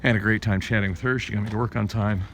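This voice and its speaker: A man's voice: fairly even intonation, very fast, fairly bright tone. A man vlogging a rambling story about a bad ride, full of restarts and fillers. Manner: rambling, many restarts and fillers, rising pitch when agitated. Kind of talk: casual storytelling rant. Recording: noisy background.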